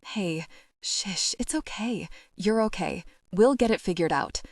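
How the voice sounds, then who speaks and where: A woman reading an audiobook, voicing a calm young hockey player who speaks in a composed, even, soothing way. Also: mid-range voice, moderate pace, no room sound, studio quality, close to an everyday voice.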